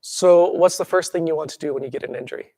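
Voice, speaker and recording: Gravelly-voiced man teaching a workshop. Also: on the high side, fast, no room sound, clean studio sound. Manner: calm guiding breath cues, then animated explaining with acted-out reactions. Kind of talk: workshop teaching with guided breathing.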